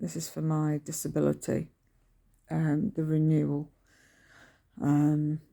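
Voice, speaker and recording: Speaking into her phone at home, a middle-aged vlogger rambles slowly through a casual early-morning chat. Her low voice is dark and mellow, gravelly at the edges, and she wanders along with lots of ums and restarts.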